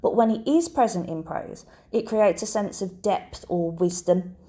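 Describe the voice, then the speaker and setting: A woman narrates a scripted lesson as a teacher. Her voice is mellow and relaxed, set at a middle pitch. She explains in a clear, measured way.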